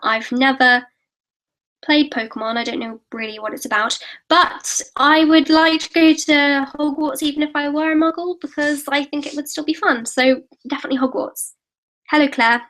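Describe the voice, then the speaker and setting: A teenage girl hosts a live Q&A from her computer, reading viewer comments aloud and answering in a chatty, giggly way with quick restarts. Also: high voice, steady tone, fairly bright tone, rough recording. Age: teens. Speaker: YouTuber hosting a live Q&A.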